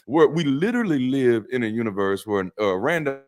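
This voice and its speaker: A man who used to be a pastor, hosting a live call-in stream and talking to the chat with animated emphasis, preacherly phrasing, blunt slang, casual swearing and frequent restarts. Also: medium pitch, brisk, soft background music. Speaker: host of a live call-in show, former pastor. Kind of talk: livestream monologue to chat.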